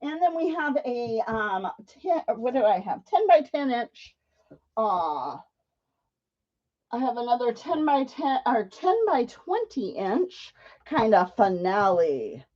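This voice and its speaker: A chatty woman hosting a live paint pouring stream, talking her viewers through each step. Her voice sits fairly high and swings lively up and down. The audio is dull and lo-fi. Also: slow. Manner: chatty, laughs often, talks to viewers while working. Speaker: paint pouring livestream host. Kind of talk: casual live craft demonstration.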